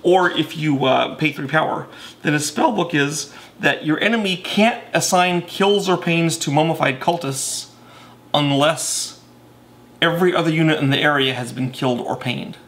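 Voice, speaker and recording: A man with a slightly higher voice explains board game rules, relaxed and conversational, at a moderate pace. He's chatty, stumbling and correcting himself. He leans heavily on fillers while going through each piece.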